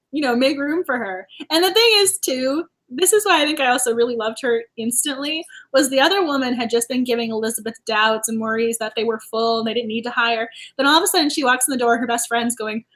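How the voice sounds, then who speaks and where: A woman with a high, bright-pitched voice hosts a relaxed book club chat. She is animated, laughs easily and trips over her words as she restarts. It sounds like a casual home video recording. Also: a little fast, hardly any pauses.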